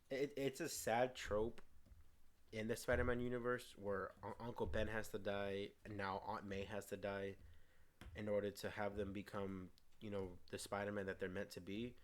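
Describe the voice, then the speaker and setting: A man co-hosting a casual movie review, eagerly retelling scenes and stumbling over his words. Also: on the low side. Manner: frequent restarts and stumbles. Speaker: co-host of a movie review show.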